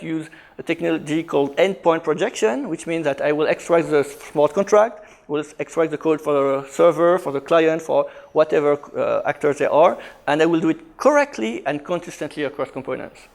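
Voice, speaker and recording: A man giving a conference talk on programming, emphatic, with quick restarts and self-corrections. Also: fairly high pitch, animated, gravelly. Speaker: conference speaker. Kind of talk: technical talk.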